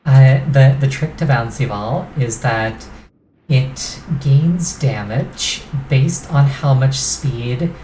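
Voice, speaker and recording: A woman's voice: a bass voice, slow, warm tone, slight background noise. A tired woman streamer giving gameplay commentary and explaining game mechanics in detail. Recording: roomy echo with game music.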